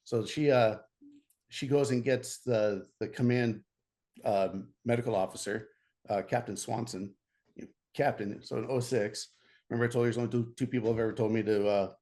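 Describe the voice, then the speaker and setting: A middle-aged American man, a podcast guest, telling a story in a casual, animated way, often laughing and restarting his sentences. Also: medium pitch, moderate pace.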